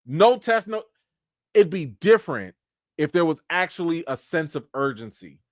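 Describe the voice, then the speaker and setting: Animated man hosting a casual live review. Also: fairly high pitch, normal speed, dry recording, clean studio sound. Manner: animated, talks straight to his viewers in slang. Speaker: TV series reviewer and live-chat host.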